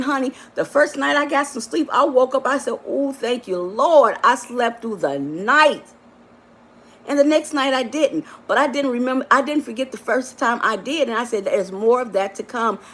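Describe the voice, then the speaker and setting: With a slightly rough voice, a woman coaching on a live stream delivers motivation full of affection and emphasis. She keeps repeating herself, addresses listeners as baby and honey, and builds to high-pitched exclamations.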